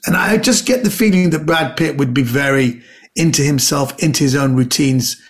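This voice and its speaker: A man guesting on a podcast, telling animated anecdotes in casual chat and acting out the voices of the people in his stories. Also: mid-range voice, moderate pace. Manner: animated storyteller, acts out quoted voices.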